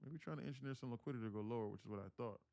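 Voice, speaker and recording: A day trader hosting a live trading stream talks in a racing, mellow, mid-range voice with vocal fry. Between market calls he jokes around and teases his viewers, and there's no room sound at all.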